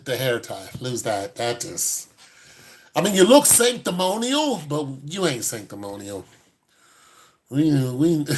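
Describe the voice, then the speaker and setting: A man giving a casual, joking critique with animated, mock-preachy asides. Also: on the high side. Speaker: dating and style commentator.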